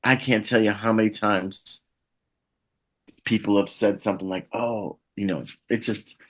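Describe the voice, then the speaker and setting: A middle-aged man, a guest telling animated anecdotes in a casual interview. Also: lowish voice, a little slow. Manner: animated anecdotes, acts out voices.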